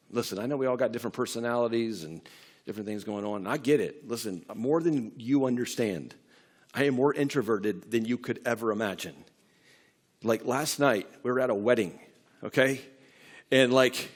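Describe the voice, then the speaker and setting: A middle-aged man preaching a sermon in a church, talking conversationally with frequent restarts and building to emphatic peaks. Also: medium pitch. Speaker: pastor. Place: church sanctuary.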